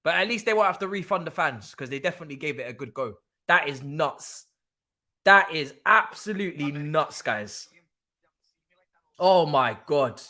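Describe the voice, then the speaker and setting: Young man, football watch-along host, high voice, sharp bright tone, excitable, repetitive, swears a lot. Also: normal speed. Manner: excitable, repeats himself, swears freely. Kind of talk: live stream reaction commentary.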